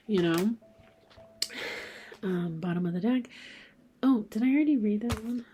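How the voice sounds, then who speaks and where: A woman with a mellow, warm voice talks her way through a casual tarot reading, thinking out loud and reading each card's message. She often drops into a soft half-whisper, with a faint hiss of noise behind her. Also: medium pitch, normal speed. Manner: reads card messages aloud, thinking out loud. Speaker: tarot card reader.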